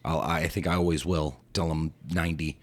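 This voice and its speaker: A man's voice: rumbling low, fairly even intonation, brisk. A man speaking in a reflective, nostalgic way during a casual interview chat.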